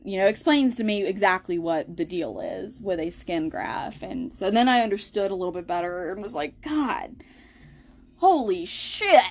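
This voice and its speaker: A young adult woman hosting a podcast, telling a hard personal story in a casual, candid way, swearing freely and laughing through the grim parts. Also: mid-range voice. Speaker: podcast host.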